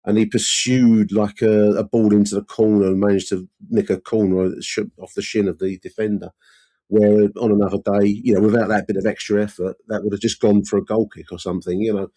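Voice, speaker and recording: Mellow low-voiced bloke chatting football, laughs a lot, fillers everywhere. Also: male voice, little pitch movement, brisk. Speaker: podcast co-host. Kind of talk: casual football chat.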